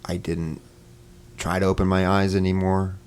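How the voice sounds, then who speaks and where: A man's voice: sits low, normal speed, a little hiss or hum. A man who is a podcast guest, telling a story in casual talk, loose and full of fillers, sometimes acting out the voices he quotes. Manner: relaxed, many fillers, acts out quoted voices.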